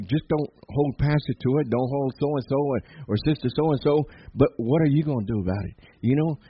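A man's voice: medium pitch, husky, highs cut off. A man preaching a sermon in a church, emphatic and punctuated with frequent amens. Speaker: pastor. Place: church sanctuary.

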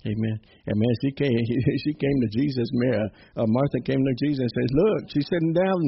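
A man's voice: medium pitch, fairly even intonation, a little fast, creaky, muffled recording, slight background noise. Exuberant preacher man, amens and laughs. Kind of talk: informal sermon.

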